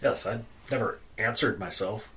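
A man's voice: fairly low pitch, moderate pace, background noise. A man playing a tabletop game, speaking in character in an exasperated, defensive way. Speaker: player.

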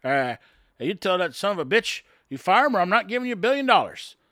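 A man acting out a gruff older male politician who makes curt threats. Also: sits high, very animated, a little fast, fairly bright tone, no echo, clean studio sound. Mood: threatening.

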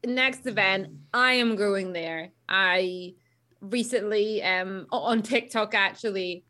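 A woman's voice: mid-range voice, slow pace, bright, forceful tone. A young woman co-hosting a podcast, chatting eagerly in a casual way. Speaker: podcast co-host. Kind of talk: casual chat.

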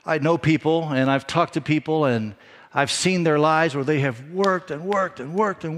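A man preaching a sermon as a pastor, in a lively, conversational way with self-deprecating asides. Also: fairly high pitch, normal speed, big-room sound.

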